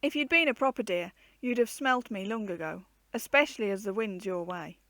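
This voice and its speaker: A woman's voice: mid-range voice, a little fast, a bit bright, dry recording, natural voice. Woman voicing a cheeky young boy. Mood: teasing.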